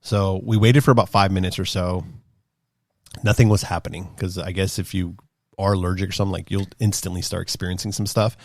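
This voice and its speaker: A man's voice: a little fast, dry recording, clean studio sound. Man in his thirties telling a story. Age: 30s. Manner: rambling, animated, acts out quotes in a high voice. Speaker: podcast host. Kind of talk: casual storytelling.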